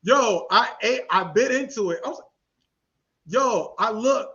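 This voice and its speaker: A man co-hosting a podcast in casual chat, an animated storyteller who laughs often and uses slang. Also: high voice, a little slow, vocal fry. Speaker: podcast co-host. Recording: dull lo-fi podcast audio.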